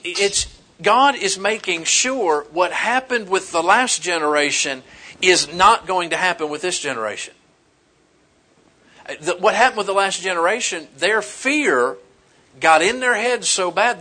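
Bright-voiced preacher man, folksy and animated. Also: high-pitched. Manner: animated, folksy storytelling with humor. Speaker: pastor. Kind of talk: sermon.

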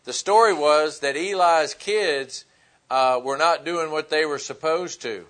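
High-voiced man preaching. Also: measured pace, a bit bright. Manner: conversational preaching with fillers, acting out Bible dialogue. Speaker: pastor. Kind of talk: sermon.

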